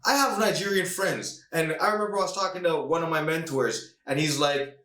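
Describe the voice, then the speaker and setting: A man hosting a casual podcast, talking fast and emphatically about a fight, now and then mimicking other people. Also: fairly high pitch, pushed and bright. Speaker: podcast host. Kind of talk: animated casual podcast rant. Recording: echoey room, distant mic.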